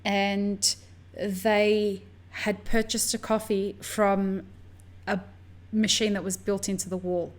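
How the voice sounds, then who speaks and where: Lively American woman hosting a podcast. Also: mid-range voice, slow. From United States. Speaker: podcast host. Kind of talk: casual conversation.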